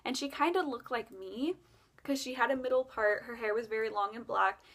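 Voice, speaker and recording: A woman's voice: on the high side, moderate pace, fairly bright tone. A young adult woman telling a spooky dream story in a rambling, casual way, with lots of fillers and self-corrections.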